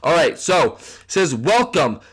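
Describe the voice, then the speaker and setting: Male gaming host, higher voice, excitable play-by-play commentary. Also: a little fast. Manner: excitable, keeps addressing viewers as "guys". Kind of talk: gameplay commentary.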